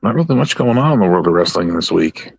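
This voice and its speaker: A man co-hosting a wrestling talk show, jokey and animated, slipping into silly voices. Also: low voice, fast talker, creaky, breathy edge, dry recording, faint music behind. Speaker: podcast co-host. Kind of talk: casual wrestling chat.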